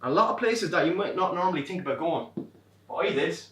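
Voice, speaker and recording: A young Irish man performing a wry comic monologue on a theatre stage, swearing and animated as he tells a story. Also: on the high side, fast, slight background noise. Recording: roomy stage from far off.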